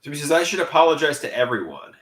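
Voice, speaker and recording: A man live streaming and reading viewer comments aloud, talking in halting, repetitive bursts with many restarts. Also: fairly high pitch, big pitch swings, fairly bright tone, roomy sound. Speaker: livestreamer.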